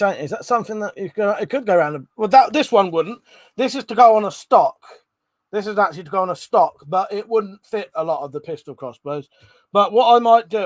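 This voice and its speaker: A man's voice: high voice, no room sound. A man hosting a live stream, chatting casually and reading out viewer comments, laughing often and swearing freely.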